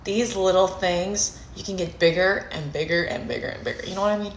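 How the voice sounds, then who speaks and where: A woman's voice: lowish voice, brisk, a little hiss or hum. Woman, sassy advice-giver, instructive and confident; echoey room recording. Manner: sassy, instructive, ends points with "okay?". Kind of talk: casual advice talk to camera.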